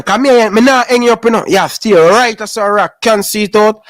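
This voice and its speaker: Man, Jamaican accent, high voice, dry close sound, animated, says "brother" a lot. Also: normal speed, no room sound. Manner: animated, repeats "brother" often. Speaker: podcast co-host. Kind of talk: heated casual sports chat.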